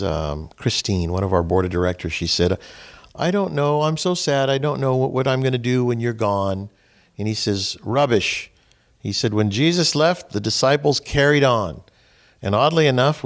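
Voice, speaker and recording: Gravelly-voiced man hosting group talk. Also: mid-range voice. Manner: earnest, emphatic, acts out quotes. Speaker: host. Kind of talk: group discussion. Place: small group room.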